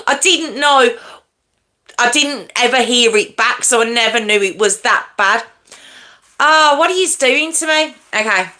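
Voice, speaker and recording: A woman's voice: a little high, slow, long pauses, bright, forceful tone. A woman hosting a live stream, chatting casually and self-mockingly with her viewers and laughing often, from home. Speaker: livestream host. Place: at home with a fan nearby.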